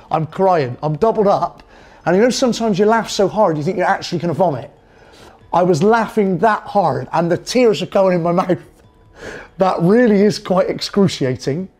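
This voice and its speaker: A man telling a comic anecdote in a lively, self-amused way. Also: high voice. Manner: animated, self-amused storytelling. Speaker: comedian.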